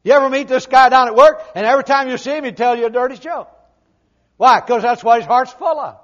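An older man preaching a humorous, folksy sermon, swinging from loud emphatic lines to quiet low asides. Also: fast talker, highs cut off.

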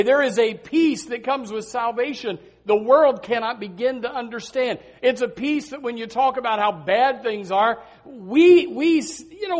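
A male pastor preaching a sermon, swinging between loud emphasis and hushed earnest lines, with many repeated words and restarts. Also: very high-pitched.

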